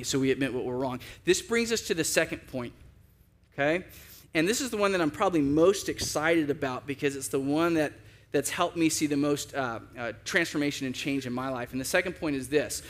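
A man's voice: brisk, fairly bright tone. Conversational male pastor preaching. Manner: conversational, acts out quoted voices with big pitch jumps. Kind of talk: sermon.

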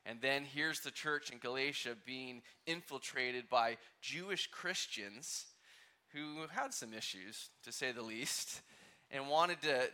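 A man's voice: medium pitch, pushed and bright. A male pastor preaching a conversational sermon, asking the congregation questions and acting out quotes.

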